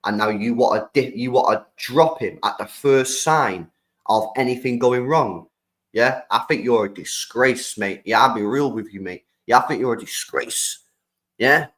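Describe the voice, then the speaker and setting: A young British man hosting a live stream, reacting to football news and chatting with viewers in an animated, slangy way. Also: medium pitch, moderate pace, poor audio. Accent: British English. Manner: slangy, animated, talks to the chat. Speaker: streamer host.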